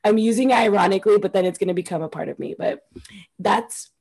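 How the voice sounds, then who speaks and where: A woman's voice: medium pitch, quick pace, darkish tone, husky. A young woman co-hosting a podcast in casual chat, chatty and laughing often, swearing freely. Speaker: podcast co-host.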